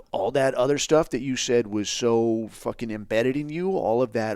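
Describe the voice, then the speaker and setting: A man's voice: mid-range voice, moderate pace, few pauses, a little mellow, clear, resonant tone, dry recording, clean studio sound. A man hosting a podcast, ranting bluntly and sarcastically with constant swearing. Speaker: podcast host. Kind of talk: profane ranting commentary.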